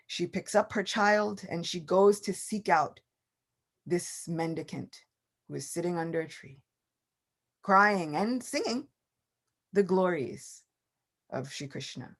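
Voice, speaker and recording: A woman's voice: fairly low pitch, measured pace, pauses often. A woman giving a morning scripture class, telling the story vividly and acting out the characters' lines in her own voice. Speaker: class speaker.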